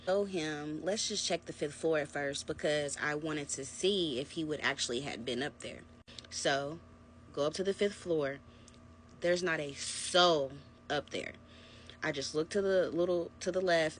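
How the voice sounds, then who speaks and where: A young adult woman narrating a personal story to her viewers in a casual, animated storytime vlog. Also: low-pitched, a little hiss or hum. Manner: animated, conversational storytelling, addressing viewers as "y'all". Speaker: vlogger.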